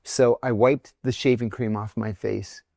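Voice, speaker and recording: A man's voice: fairly low pitch, unhurried, gravelly, no room sound, clean studio sound. A middle-aged man being interviewed, telling a personal story and acting out what each person said. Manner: animated storyteller who acts out quoted lines. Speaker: interview guest.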